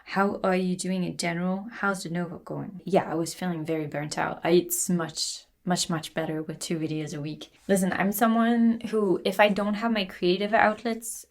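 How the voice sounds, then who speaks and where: A woman in her twenties chatting casually while answering viewer questions, laughing often. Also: lowish voice. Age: 20s. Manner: chatty, laughs often, switches languages, sings snippets. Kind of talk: casual Q&A chat.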